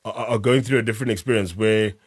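A South African man in his thirties talks in a relaxed, rambling podcast chat. His voice sits low and the sound is dry and close, with no room around it. He trips over his words and laughs easily. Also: fast talker, husky, dry recording. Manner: rambling, self-correcting, laughs often. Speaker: podcast co-host. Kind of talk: casual chat.

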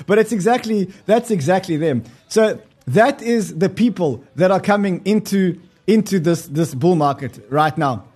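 Husky, animated male host. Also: high-pitched, moderate pace, hardly any pauses. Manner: animated, laughing, swearing, repeating himself. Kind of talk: casual market commentary.

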